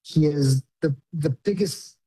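Casual man with a mellow voice. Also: fairly high pitch, slow, husky, rough recording. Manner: casual, with filler words and restarts. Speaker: film director being interviewed. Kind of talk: interview answers.

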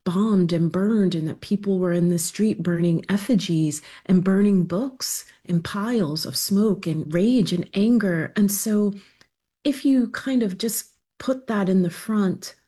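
A woman speaking reflectively as an interview guest, with soft restarts. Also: medium pitch, a little slow.

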